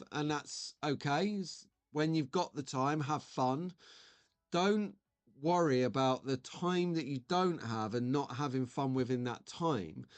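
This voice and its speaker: A man's voice: on the high side, no echo. A man hosting a live stream in a casual, jokey chat and reacting to viewer comments. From United Kingdom.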